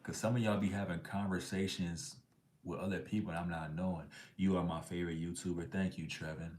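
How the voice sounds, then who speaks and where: Deep-voiced man chatting on a livestream. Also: little pitch movement, fairly quick, darkish tone. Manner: laid-back slangy banter, often whispering asides. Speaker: livestream host reading chat. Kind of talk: casual livestream chat.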